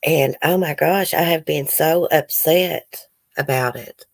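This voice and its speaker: A low-voiced woman hosts a true crime livestream, near tears and sighing as she talks to her viewers. Her voice is recorded close, with a dry sound and no room echo. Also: slow pace, vocal fry. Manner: emotional, tearful, sighing, talks to chat. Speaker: true crime channel host. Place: home, near the case area.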